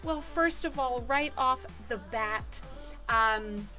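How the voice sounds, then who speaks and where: A woman's voice: high-pitched, slow, sharp tone, faint music behind. Bubbly, chatty woman live-streaming. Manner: bubbly, chatty, thanks viewers. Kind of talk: casual live-stream chat.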